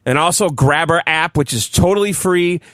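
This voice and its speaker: Guy cohosting a gaming show, jokey, reels off the plugs quick, dry close mic. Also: fairly high pitch, a bit bright, dry recording. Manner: jokey, fast promo delivery. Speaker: podcast co-host. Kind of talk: casual gaming podcast chat.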